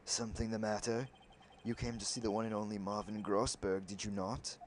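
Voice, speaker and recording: A man voicing a pompous older male lawyer who keeps clearing his throat theatrically. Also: fairly low pitch, little pitch movement, a little fast, a little hiss or hum, close to an everyday voice.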